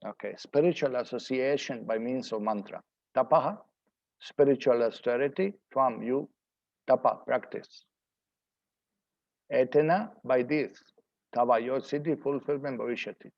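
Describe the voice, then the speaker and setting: A man teaching a scripture seminar, explaining verses word by word in an unhurried, explanatory way. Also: mid-range voice, gravelly, darkish tone, dull audio. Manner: explanatory, pauses to translate word by word.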